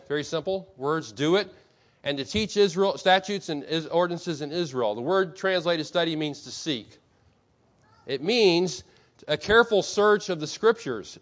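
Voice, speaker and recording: A man's voice: a little high, a bit bright. Man preaching, dull lo-fi recording. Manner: asks the congregation many rhetorical questions; reads quotations slowly with emphasis. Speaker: pastor. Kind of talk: sermon.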